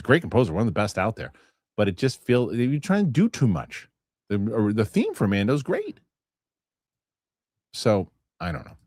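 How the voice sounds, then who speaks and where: A man hosting a casual chat show, animated and a little profane, his pitch jumping all over as he reads out viewer comments. His voice sits at an ordinary middle pitch and sounds close and dry. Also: no echo. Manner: animated, swearing, quick asides. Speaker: show host.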